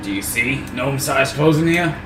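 A man voicing a blunt, deadpan townsman in a tabletop game. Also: medium pitch, moderate pace, reverberant, distant mic, over music, close to an everyday voice.

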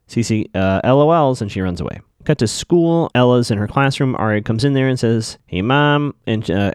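A man's voice: medium pitch, no echo, clean studio sound. Chatty man hosting a recap podcast. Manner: chatty, wry, swears casually. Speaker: podcast host.

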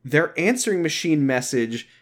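A man's voice: fairly high pitch, expressive, normal speed. A man co-hosting a podcast, telling stories in a rambling, self-interrupting way. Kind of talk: casual chat.

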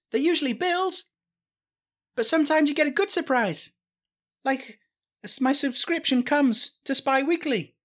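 A woman's voice: high voice, lightly acted. A woman doing a rambling creepy boy spy. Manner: rambling, awkward, lots of fillers. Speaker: podcast host.

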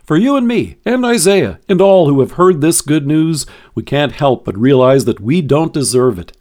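A man giving a scripted devotional, reading scripture with expressive, dramatic delivery from a close studio mic. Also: fairly high pitch, normal speed. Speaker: devotion speaker.

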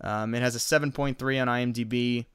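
A man co-hosting a podcast in casual chat, animated and quick to laugh. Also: medium pitch, smooth, dry recording, clean studio sound. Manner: animated, retells scenes with laughter. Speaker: podcast co-host.

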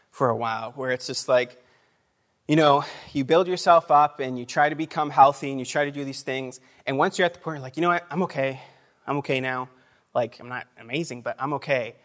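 A man delivers a relaxed, talky sermon to a gathered group, his voice sitting at an ordinary middle pitch. He wanders into side comments, restarts his sentences and chuckles softly as he goes, sounding more like a friend talking than a formal preacher. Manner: conversational, chatty asides, laughs between phrases; frequent fillers and restarts.

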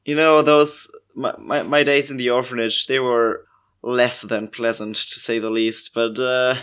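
A man's voice: mid-range voice, fairly even intonation, unhurried, fairly bright tone, smooth. A man plays his character in a tabletop game with a mid-range voice. He hesitates and repeats words as he talks. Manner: hesitant, stammering. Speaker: player.

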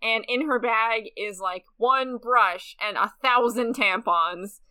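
A woman's voice: fairly high pitch, takes it slowly, a crowd in the background. A woman co-hosting a casual comedy podcast, crudely and gigglingly recapping a movie scene by scene. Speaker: podcast co-host.

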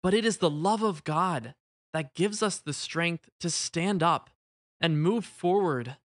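A man voicing a devout, forgiving friar, speaking in a calm and earnest way. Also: fairly high pitch, measured pace, dry recording, clean studio sound, pitched above the performer's own voice, close to an everyday voice. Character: gentle older male friar, forgiving and devout.

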